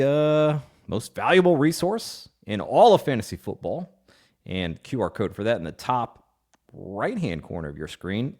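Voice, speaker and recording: A man of middle pitch hosts a podcast in a loose, jokey monologue. He wanders into playful rants and asides, and his voice swoops up and down with lively intonation. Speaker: podcast host. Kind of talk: casual joking monologue.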